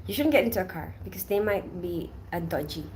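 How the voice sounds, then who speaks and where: A woman chatting casually on a live stream, telling a travel story in a lively, animated way and reading viewer comments aloud. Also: fairly low pitch, fairly quick, a little hiss or hum.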